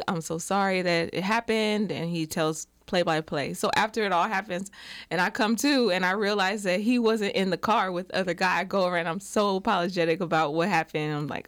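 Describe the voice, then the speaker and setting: A middle-aged woman talking on a casual panel, her voice a touch low. She tells stories animatedly and bursts into loud quoted lines. The sound is dry and close. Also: brisk, dry recording. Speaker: panel guest.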